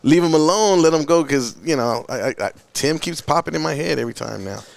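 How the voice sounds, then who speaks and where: A man co-hosting a podcast, telling stories in an excitable way and laughing as he talks. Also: fairly high pitch, fairly quick, creaky, dry recording. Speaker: podcast co-host. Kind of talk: casual chat.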